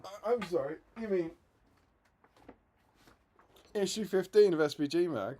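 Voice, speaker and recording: A man co-hosting a casual livestream, telling stories in an animated, exasperated way. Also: high-pitched, measured pace. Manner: animated, exasperated storytelling with laughs. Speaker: co-host.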